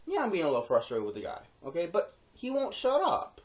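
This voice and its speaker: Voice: a little fast, few pauses. Security guard ranting thru a work story, voice jumping all over, kinda muffled lo-fi audio. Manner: animated, voice swinging up when heated and dropping low for asides. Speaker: yard gate security guard. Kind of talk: casual storytelling monologue.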